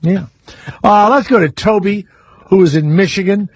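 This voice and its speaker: A man's voice: high voice, normal speed, no room sound, muffled recording. A man hosting a call-in radio talk show, brash, crude and joking with callers. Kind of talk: casual call-in radio banter. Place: radio studio.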